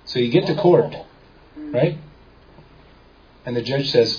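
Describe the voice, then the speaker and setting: A man's voice: mid-range voice, slow pace, pauses often, darkish tone, lo-fi sound. Man giving a casual seminar talk. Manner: conversational, checks in with the audience. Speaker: seminar speaker. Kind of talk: informal lecture to a small audience.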